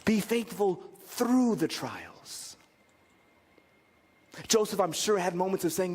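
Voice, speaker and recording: High, lively preacher in a church. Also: male voice, takes it slowly, long pauses, husky. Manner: animated, acts out quoted voices. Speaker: pastor. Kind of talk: sermon. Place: church sanctuary. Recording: reverberant church hall.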